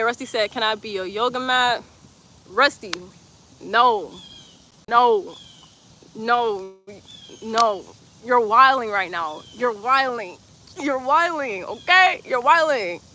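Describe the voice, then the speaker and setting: Playful, bright-voiced woman streaming outdoors. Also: a little high, a little hiss or hum. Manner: playful, teasing, laughs often, repeats phrases. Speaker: livestreamer reading chat comments. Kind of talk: casual livestream chat. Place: outdoors in sunlight.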